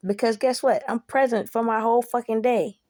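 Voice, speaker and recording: A woman's voice: fairly high pitch, fairly even intonation, a little fast, darkish tone. A woman telling a story to the camera in a casual, rambling way, swearing a lot and asking "you know?". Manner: profane, rambling, asks listener "you know?".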